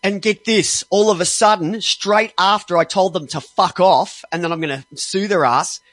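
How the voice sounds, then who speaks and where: Brief: male host, high pitch for a man, angry profane rant, stumbles over words, close dry sound. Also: normal speed, fairly bright tone, no echo. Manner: heavily profane, exasperated; restarts and stumbles when worked up. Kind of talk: angry ranting monologue.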